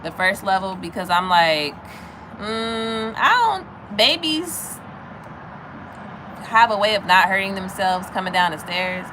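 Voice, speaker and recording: A woman in her thirties chatting casually with viewers, telling a story in an animated way. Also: a little fast, hardly any pauses, a little hiss or hum, rough recording. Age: 30s. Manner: animated, acts out other people's lines in a high voice.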